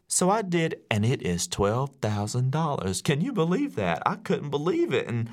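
A man who teaches, telling a story to an audience in an animated way and acting out the voices of the people in it. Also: medium pitch, moderate pace, few pauses. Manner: animated, acts out quoted voices. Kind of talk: storytelling speech.

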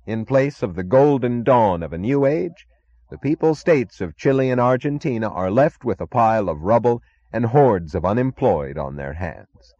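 A man voicing a male radio news announcer, delivering a grave bulletin in a measured, formal manner. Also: mid-range voice, expressive, dark tone, no room sound, voice pushed up, close to an everyday voice. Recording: dull lo-fi audiobook recording.

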